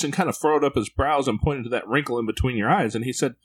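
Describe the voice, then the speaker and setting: A man's voice: medium pitch, fast, few pauses, husky. A man in casual conversation, candidly telling reflective personal stories as a podcast co-host.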